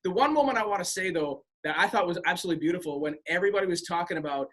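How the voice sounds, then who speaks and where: A man hosting a radio interview, asking his guest questions with eager fan excitement. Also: high voice, racing. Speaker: radio host.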